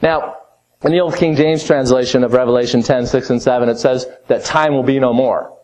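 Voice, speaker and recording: A man preaching a sermon as a pastor, emphatic, swinging between a raised voice and a quiet low tone. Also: fairly even intonation, brisk, rough recording. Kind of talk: expository sermon.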